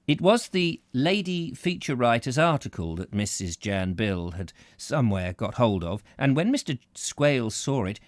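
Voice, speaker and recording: Lively-voiced man reading a novel aloud. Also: mid-range voice, normal speed, hardly any pauses, no room sound. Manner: expressive, occasional slips and restarts. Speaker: book reader, host. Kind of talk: live audiobook narration.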